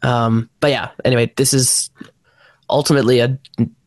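Brief: man, podcast co-host, mid-pitched, casual chatty delivery, dry close sound. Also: little pitch movement, no room sound. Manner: chatty, quick to laugh, trails off with fillers. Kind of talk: casual chat.

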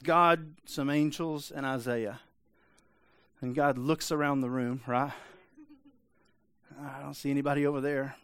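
A man's voice: medium pitch, steady tone, unhurried, pauses often, a bit bright, clear, resonant tone, no room sound. A man preaching a sermon in a conversational way, often asking the congregation for an amen. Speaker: pastor.

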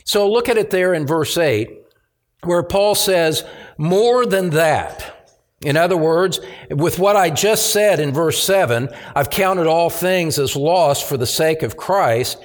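A pastor preaching a sermon, slow and emphatic, repeating key phrases for stress. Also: male voice, a little high.

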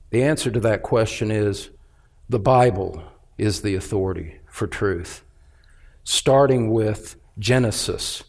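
A man preaching a sermon as pastor, earnest and urgent, pressing each point with emphasis. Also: medium pitch.

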